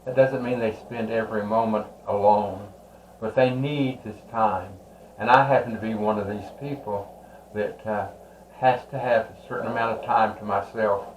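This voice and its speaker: A man giving a slow, rambling tarot card reading, pausing often with "uh". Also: lowish voice, fairly even intonation, echoey room, slight background noise, poor audio. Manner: slow, rambling, with many "uh" pauses. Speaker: tarot reader.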